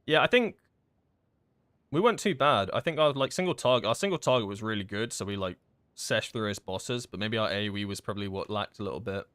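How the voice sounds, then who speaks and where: A man's voice: on the low side, expressive, fairly bright tone, clear, resonant tone, no echo. Chatty man streaming a game, dry close sound. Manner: rambling and chatty, with many fillers and quick laughs. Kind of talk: casual live-stream chat while gaming.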